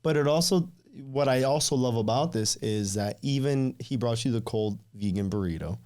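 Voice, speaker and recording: A man co-hosting a podcast, relaxed and loose, swearing casually as he chats. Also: medium pitch, moderate pace. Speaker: podcast co-host.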